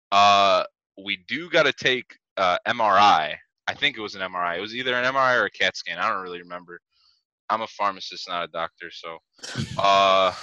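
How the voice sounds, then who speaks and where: A man in his twenties tells a story on a casual podcast in a lowish, sharp-toned voice. He rambles, swears, and packs in "like" constantly. The recording is a dull, dry, lo-fi mic.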